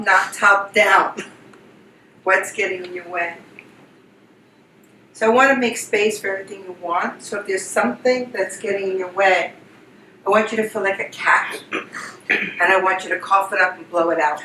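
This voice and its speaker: A woman's voice: medium pitch, sharp tone, slight background noise. A woman leading a guided group exercise as a workshop facilitator, giving repetitive, soothing coaching prompts. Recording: roomy, distant mic with faint ambience.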